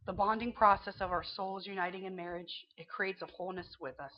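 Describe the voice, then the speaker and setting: A woman's voice: mid-range voice, fairly even intonation, brisk, highs cut off. A woman giving an earnest, conversational devotional teaching, quoting scripture and telling stories from her own marriage. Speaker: Christian teacher.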